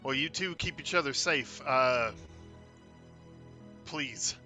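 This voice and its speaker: Very bright-voiced male player. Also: medium pitch, slow pace, faint music behind. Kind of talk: in-character tabletop play.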